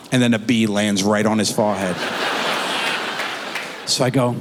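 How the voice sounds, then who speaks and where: A middle-aged man telling a stand-up comedy story on stage, acting out his kids in high squeaky voices. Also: fairly quick, long pauses, background noise. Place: theater stage before a live audience. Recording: stage mic in a large reverberant hall.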